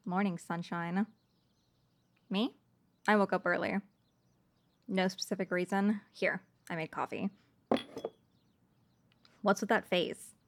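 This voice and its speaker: A woman's voice: fairly low pitch, fairly even intonation, slow pace, pauses often. A woman voicing a sarcastic, irritable young woman in an audio role-play, curt and full of swearing.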